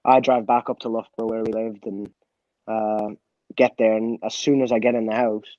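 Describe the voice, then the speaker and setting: A former footballer being interviewed, telling a story candidly, with many restarts and quoted dialogue. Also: male voice, lowish voice, little pitch movement, normal speed, no room sound, muffled recording.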